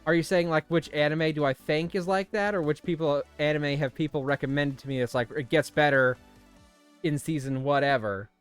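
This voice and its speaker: Chatty male let's-play host, slightly high voice, faint game music underneath. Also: a little fast, smooth. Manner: chatty, animated, laughs often. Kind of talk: casual gameplay commentary, reading game text aloud.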